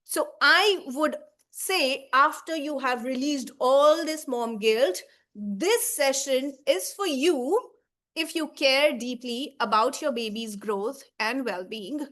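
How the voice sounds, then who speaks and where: Tearful and emotional, a woman in her thirties who coaches baby sleep speaks earnestly and reassuringly to mothers, frequently asking "right?" and "okay?" Her voice is high-pitched, slow, and a bit bright.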